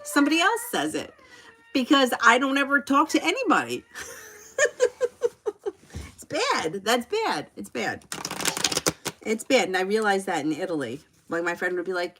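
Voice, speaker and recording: A woman's voice: fairly high pitch, very animated, normal speed, pauses often, bright, forceful tone. A woman hosting a casual tarot reading at home, rambling off on tangents and laughing often. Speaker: tarot reader hosting a livestream. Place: home with a small child around.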